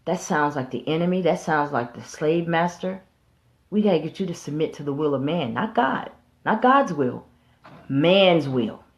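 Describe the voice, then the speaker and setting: A woman's voice: sits low, lively intonation, moderate pace. A woman hosting and preaching, emphatic and rhetorical, speaking straight to her listeners. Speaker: host and preacher. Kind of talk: preaching to an audience. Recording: roomy, slightly dull recording.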